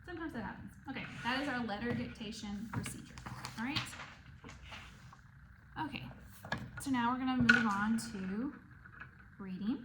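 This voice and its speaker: A woman with a fairly high voice teaches reading to one student at normal speed, leaving long pauses. Patient throughout, she asks "okay?" and "right?" to check understanding. The recording has echo and noise.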